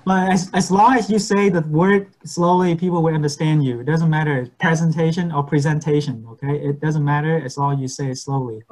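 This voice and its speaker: A man teaching medical English in an online class, patiently repeating words slowly and switching languages. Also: fairly high pitch, fairly even intonation, darkish tone.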